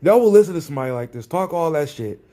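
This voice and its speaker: A man's voice: on the high side, animated, fast talker, mellow. A man ranting in a vlog, sarcastic and combative, often repeating his phrases for emphasis. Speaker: vlogger. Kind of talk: ranting commentary.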